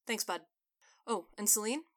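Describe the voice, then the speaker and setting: A woman voicing an easygoing male restaurant owner who talks casually and gives staff quick orders. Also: medium pitch, natural voice.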